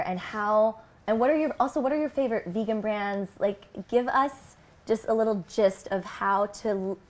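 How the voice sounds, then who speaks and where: A woman's voice: mid-range voice, darkish tone. A woman hosting an interview, asking casual questions and giving brief, encouraging affirmations. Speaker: interview host.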